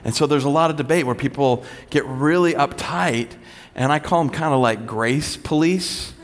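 A man's voice: fairly high pitch, moderate pace. Man preaching in an echoing hall. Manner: relaxed, storytelling, self-deprecating humor. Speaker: pastor. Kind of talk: conversational sermon. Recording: long reverb of a large hall.

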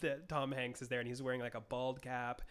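A man's voice: mid-range voice, a little fast, clear, resonant tone. A man co-hosting a casual film talk, joking, swearing and acting out the characters he describes. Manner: animated, jokey, swears, acts out characters in quotes. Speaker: film podcast co-host. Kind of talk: casual chat.

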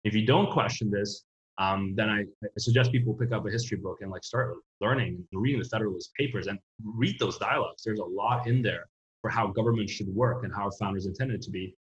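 A man's voice: on the low side, quick pace. A man talking politics in a rambling, casual way, full of fillers and restarts. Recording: roomy, dull lo-fi sound.

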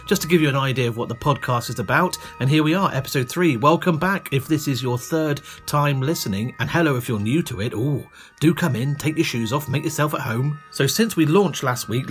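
A male comedian hosts his podcast in a loose, chatty monologue. His voice sits at an ordinary middle pitch for a man. He teases himself often and keeps the tone light and playful. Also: a bit bright. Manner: chatty, playful, self-mocking.

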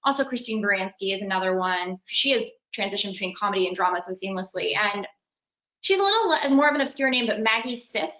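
A woman's voice: mid-range voice, lively intonation, fast, sharp tone, roomy sound, poor audio. A young adult woman, an actress and singer, chatting animatedly in an interview and laughing now and then. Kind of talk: casual interview.

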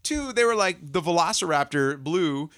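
A man in casual chat, retelling a film with animated, profane mockery and laughter. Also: fairly high pitch, normal speed.

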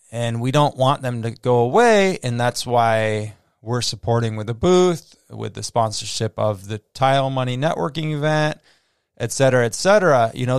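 A man with a Midwestern accent talks through a casual solo podcast, circling back with fillers and false starts. His voice is smooth and resonant. He is recorded close on a mic in a dry room. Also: mid-range voice, no room sound. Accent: American Midwest. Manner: rambling, many fillers and restarts. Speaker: podcast host.

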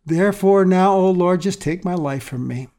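A man's voice: high-pitched, normal speed, mellow. Sulking male prophet, bitter and pleading, read aloud by a preacher.

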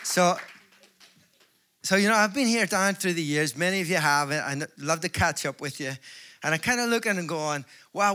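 In a large conference hall, a Northern Irish evangelist preacher addresses the audience in a high, bright voice. His conference sermon is full of humor, and his jokes build into fervent appeals to his listeners.

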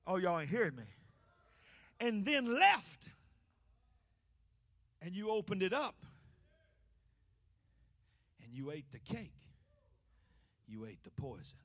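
A man preaching a sermon in a church. He swings from loud, impassioned passages to hushed ones. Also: sits high, big pitch swings, takes it slowly, long pauses. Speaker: pastor.

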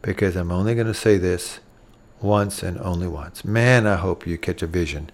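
A man's voice: sits low, normal speed. A middle-aged man hosting a parenting show, giving earnest advice and acting out what a parent should say to a child. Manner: earnest, acts out gentle parent lines to children. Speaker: parenting podcast host. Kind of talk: instructive talk.

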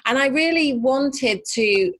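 A woman's voice: high-pitched, expressive, takes it slowly, a bit bright. A woman hosting a conversation, reflectively sharing her own experience. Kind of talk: conversational interview.

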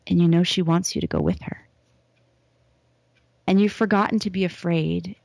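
A woman speaking as an interview guest, leading a slow, soft guided visualization with some words whispered, then talking casually. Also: fairly low pitch, vocal fry, no room sound.

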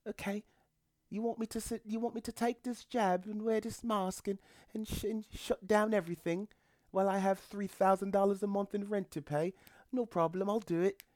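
A cowering, meek New Yorker, put on by a man, whimpers in a thin, high, pleading voice far above his own. He sounds small and eager to obey, with a mocking, whiny edge. The sound is dry and close, with no room around it. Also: fairly even intonation, moderate pace, a little mellow, no room sound, natural voice.

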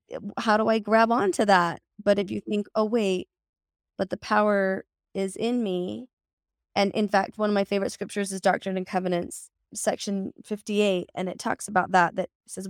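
A woman's voice: mid-range voice, steady tone, normal speed, no room sound, clean studio sound. A woman hosting a podcast interview in a casual, effusive way, her voice scratchy from recovering, often restarting her sentences. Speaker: podcast host.

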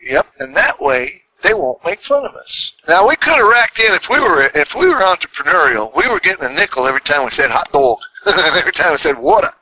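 A man's voice: a little high, big pitch swings, fairly quick, bright, forceful tone, dry recording, low-quality recording. An older man from New York talking in a folksy, rambling monologue as a podcast host, chuckling often. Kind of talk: casual monologue.

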